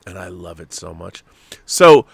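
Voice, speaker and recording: A middle-aged man hosting a podcast, telling stories in an animated, emotional way with many restarts. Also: sits low, measured pace, vocal fry, breathy edge, dry recording. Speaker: podcast host. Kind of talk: casual chat.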